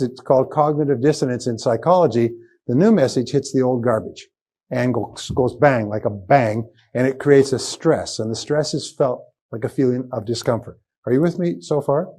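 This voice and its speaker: A man's voice: mid-range voice, warm tone. A man giving a live seminar lecture as a motivational speaker, emphatic and repetitive as he drills key phrases home. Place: seminar room with a live audience.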